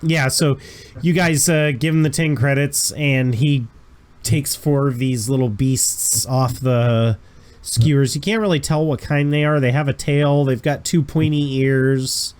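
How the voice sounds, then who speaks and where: A man's voice: medium pitch, fairly even intonation, a little slow, darkish tone. A man running a tabletop role-playing game as game master, narrating scenes in a casual, descriptive way. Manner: casual, descriptive, chuckling asides.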